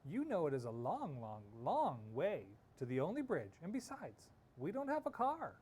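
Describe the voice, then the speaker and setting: A man's voice: on the high side, wildly swooping pitch, normal speed, darkish tone, breathy edge, pitched above the performer's own voice, exaggerated voice. A patient storybook mom, played by a man. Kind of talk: storybook read-aloud.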